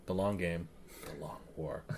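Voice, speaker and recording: A man's voice: deep voice, steady tone, a little slow, darkish tone. A man co-hosting a podcast in casual chat, playful and enthusiastic. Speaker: podcast co-host.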